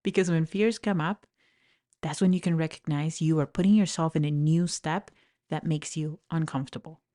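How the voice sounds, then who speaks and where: A woman with a noticeable accent speaks earnestly into a studio mic, encouraging her listeners through personal stories. Her voice sits a little low and sounds warm and mellow. She talks like a life coach hosting her own podcast from an office. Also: fairly even intonation, normal speed. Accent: non-native English accent. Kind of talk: reflective podcast monologue. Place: home office. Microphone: studio mic, standing.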